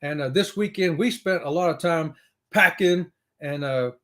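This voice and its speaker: A man's voice: on the high side, moderate pace, sharp tone. A man hosting a casual live stream, greeting viewers by name and reading their comments aloud in an upbeat, whooping way.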